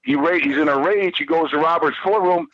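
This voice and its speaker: Middle aged guy cussing thru a rambly story, kinda high punchy voice, dull muffled audio. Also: fairly quick, dry recording. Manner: profane, rambling, repeats himself. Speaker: podcast guest. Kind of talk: casual storytelling.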